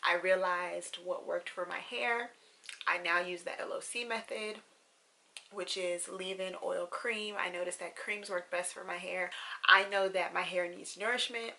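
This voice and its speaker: A woman's voice: lowish voice, fairly even intonation, a little slow, creaky, sharp tone. A young woman, chatting to camera in a casual vlog, rambling with many fillers and getting tearful and gushing. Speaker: vlogger.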